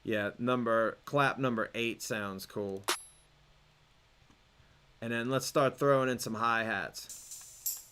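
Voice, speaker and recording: A young man explaining beat programming in a relaxed tutorial, with fillers and restarts. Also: mid-range voice, slow, long pauses, a little hiss or hum. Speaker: music production instructor. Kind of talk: screen-recorded tutorial.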